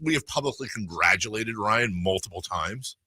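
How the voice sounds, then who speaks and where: Man, radio host, casual rambling chat, lively pitch swings, dry studio sound. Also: normal speed, breathy edge, no room sound. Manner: rambling, self-interrupting, animated. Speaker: radio sports talk host. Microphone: studio microphone.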